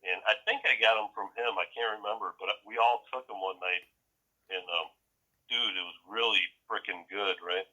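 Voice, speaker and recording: Husky bright-voiced man telling a story. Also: lowish voice, steady tone, normal speed, rough recording. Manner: profane, rambling, laughs often. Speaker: podcast co-host. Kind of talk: casual storytelling.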